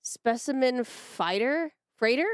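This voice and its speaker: A woman's voice: high-pitched, lively intonation, slow pace, clear, resonant tone, no room sound, clean studio sound. A woman chatting casually on a stream and playfully reading card names aloud while opening packs.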